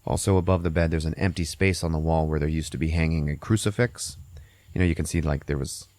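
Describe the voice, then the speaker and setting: A man hosting a podcast, recapping a movie in a profane, animated, laughing way. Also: a bass voice, fast, no room sound. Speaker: podcast host.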